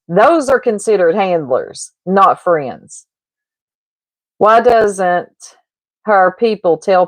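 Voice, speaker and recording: A woman on a casual livestream chats unhurriedly, gossiping and hopping between topics with frequent laughs. Her voice sits at a mid pitch, dry and close to the mic with no echo, in what sounds like a relaxed home streaming setup.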